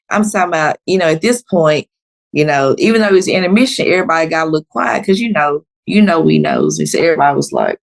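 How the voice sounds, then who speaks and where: A woman in her thirties tells her story on a podcast, casual and blunt. Her voice sits low and has a gravelly, fried edge, and when she quotes people her pitch leaps up. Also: a little fast. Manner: animated, acts out quotes with sharp pitch jumps; blunt, unfiltered. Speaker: podcast guest.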